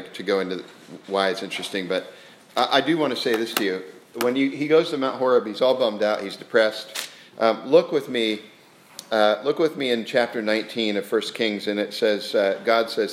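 Male preacher, lively sermon storyteller, recorded in a reverberant hall. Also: mid-range voice, slight background noise. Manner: lively, acts out the scripture scenes, often restarts his sentences. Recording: roomy echo.

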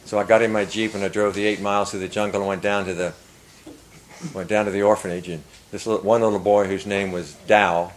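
Older guy preaching, really low voice, gets loud and earnest telling his story, faint room hum behind. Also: little pitch movement, a little fast, poor audio. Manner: earnest, builds to loud emphasis. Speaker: pastor. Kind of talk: sermon storytelling.

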